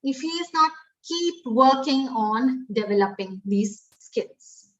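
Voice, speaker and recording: Woman with an Indian English accent, pre-primary teacher, slightly high voice, patient step-by-step webinar delivery, muffled audio. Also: expressive, slow pace, a bit bright, far from the mic. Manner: explains step by step, often restarting and saying "uh" and "um". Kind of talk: webinar talk.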